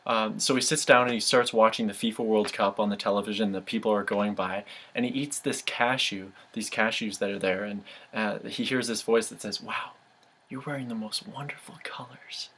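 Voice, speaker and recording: A man's voice: fairly low pitch, steady tone, brisk, few pauses, fairly bright tone. A man in a casual video message, chatty and laughing as he tells a joke. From Canada. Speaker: course participant recording a message.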